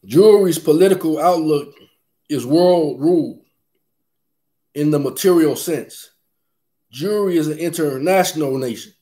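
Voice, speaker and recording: Male preacher with a fervent, emphatic cadence and a somewhat high voice. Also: unhurried, long pauses, dark tone. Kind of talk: sermon with scripture reading.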